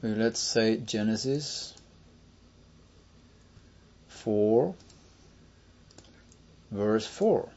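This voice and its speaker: A man teaching a step-by-step screen-share lesson, slowly explaining and checking in with listeners. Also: on the low side, a little mellow, dull audio. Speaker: Bible teacher.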